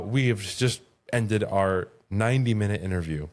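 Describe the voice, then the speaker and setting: A man's voice: on the low side, a little fast, soft background music. A man co-hosting a podcast aftershow, chatting casually in an upbeat, jokey, rambling way. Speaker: podcast co-host.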